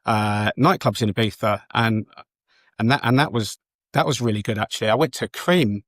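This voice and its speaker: A man in his late forties from England, a guest on a podcast, talking in a relaxed, hesitant way with many pauses. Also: fairly low pitch, dry recording, clean studio sound. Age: 40s. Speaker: guest, DJ and photographer. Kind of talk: casual interview chat.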